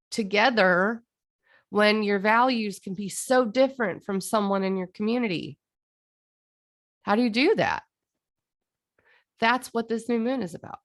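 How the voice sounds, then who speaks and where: Earnest woman with a gravelly edge. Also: medium pitch. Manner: earnest and impassioned, with emphatic drawn-out phrases. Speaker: astrologer. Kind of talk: heartfelt monologue on astrology.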